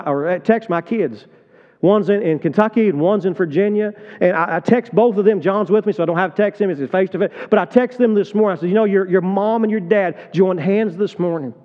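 Middle aged pastor, high voice, preaching hard then going soft, dull recording, long church echo. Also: male voice. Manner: impassioned, swings from loud urgent appeals to low tender confiding. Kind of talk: sermon. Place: church sanctuary.

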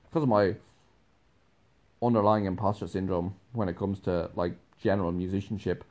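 A man's voice: low voice, steady tone, normal speed, a little mellow. A young man telling a casual, rambling story, laughing often and filling his talk with "like". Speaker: podcast host, musician.

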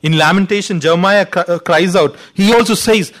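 A man's voice: sits high, brisk, a bit bright. A man preaching a sermon, teaching earnestly, pushing his voice up for emphasis and often saying "you know".

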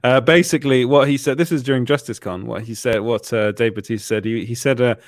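A man's voice: mid-range voice, steady tone, no echo. Chatty British man, dry close mic. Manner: chatty, giggly, quick restarts. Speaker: podcast host. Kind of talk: casual chat.

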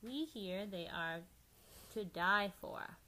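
A woman's voice: mid-range voice, takes it slowly, pushed and bright. A woman voicing a pack of cheerful little male Chihuahuas, bossy and teasing, with Spanish-flavored words, in a storybook read-aloud.

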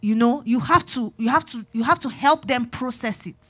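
A woman's voice: a little high, normal speed, slightly rough, soft background music. A woman giving a sermon-style talk to a congregation, earnest and exhorting, repeating her phrases and acting out talks with her children. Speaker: church speaker on parenting.

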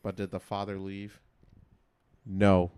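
A man co-hosting a podcast in casual chat, telling a story with lots of swearing, dropping to a mumble and then getting loud and worked up. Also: deep voice, takes it slowly, clear, resonant tone, dry recording. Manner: heavy profanity, excitable. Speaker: podcast co-host.

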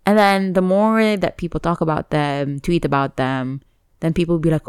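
A woman's voice: low-pitched, steady tone, normal speed, darkish tone, clear, resonant tone, no room sound, clean studio sound. A woman co-hosting a casual chat, chatty and teasing, laughing often.

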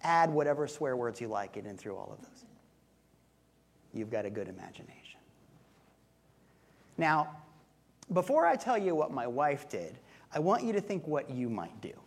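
A male pastor giving a conversational sermon, telling a story with relaxed humor and asides. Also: medium pitch, normal speed, long pauses, husky.

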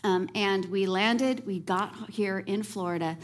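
A woman pastor giving a sermon as a personal story, lively and animated, with self-deprecating humor. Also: medium pitch, unhurried.

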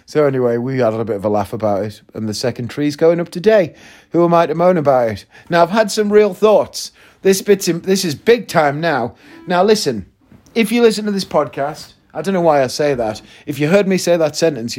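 Man, podcast host, fairly high voice for a man, loose chatty solo monologue, sweary, thinks out loud.

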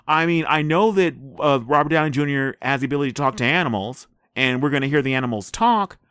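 A man co-hosting a movie trailer podcast, talking in a rambling, animated way and laughing often. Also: fairly high pitch, fast talker, clear, resonant tone, dry recording, clean studio sound. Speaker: podcast co-host reviewing trailers. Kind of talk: casual chat.

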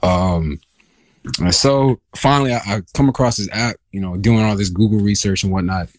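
A young man, a guest on a podcast, casually tells a personal story in a meandering, laid-back way with many fillers. His voice is on the low side at a normal speed, with no echo.

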